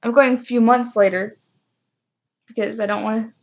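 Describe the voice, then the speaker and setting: A woman's voice: on the high side, steady tone, moderate pace. A young woman casually telling a personal story, self-mocking and acting out what others said. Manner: chatty, self-mocking, acts out quoted voices.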